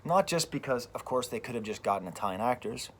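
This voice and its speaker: American man, French professor, casual rant, animated and emphatic, repeats himself, middle pitch, recorded outdoors, faint background noise. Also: fast talker. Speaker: French professor, channel host.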